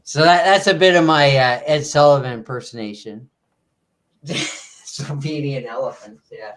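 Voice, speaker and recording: A man guesting on a livestream, chatting casually in a halting way. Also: fairly high pitch, lively intonation, a bit bright. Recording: roomy, away from the mic.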